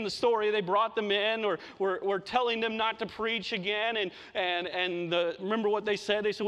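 A man with a high voice preaches a sermon in a church, his words trailing off into the long echo of the hall. He talks with passion and often repeats words to drive home his point. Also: fairly bright tone. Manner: impassioned, repeats words when stressing a point. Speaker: pastor. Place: church sanctuary.

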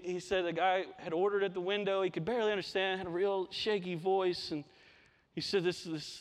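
A man preaching a sermon to his church, impassioned, often repeating words as he stresses a point. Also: sits high. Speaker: pastor. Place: church sanctuary. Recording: long reverb of a hall.

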